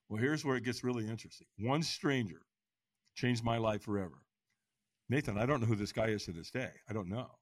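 Animated storytelling man, lively bright voice. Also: medium pitch, brisk, no echo. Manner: acts out quotes in a raised voice, laughs often. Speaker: podcast guest, firewalk instructor.

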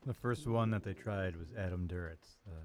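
A man's voice: low-pitched, moderate pace, crowd noise. A man co-hosting a casual group chat, joking around. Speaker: podcast co-host.

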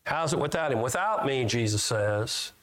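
A man's voice: mid-range voice, lively intonation, moderate pace, fairly bright tone. Folksy preacher man quoting scripture. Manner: folksy, asks the congregation questions; reads scripture aloud with rising emphasis. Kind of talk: sermon.

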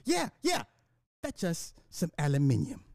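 A fussy mock Englishman, as a man puts him on, speaking in a high, breathy voice with a mocked British accent. He stretches out his polite words in a prim, drawn-out way. The sound is dry and close. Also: wildly swooping pitch, a little mellow, no room sound, full character voice.

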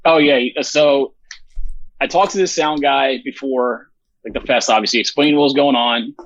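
A man's voice: mid-range voice, normal speed, a bit bright, no echo, highs cut off. A man who organizes a festival, talking bluntly and with lots of swearing in a rambling, casual interview. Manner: profane, blunt, rambling with fillers.

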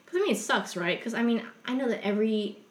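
A young woman telling a personal story in a casual, rambling way, full of fillers, with a soft confessional tone. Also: on the high side, quick pace, roomy sound.

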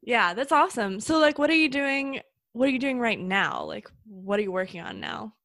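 A woman's voice: a little high, big pitch swings, moderate pace, fairly bright tone, no room sound, studio quality. A young woman, a stand-up comic who hosts interviews, chatting in a giggly, teasing way. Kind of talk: casual interview chat.

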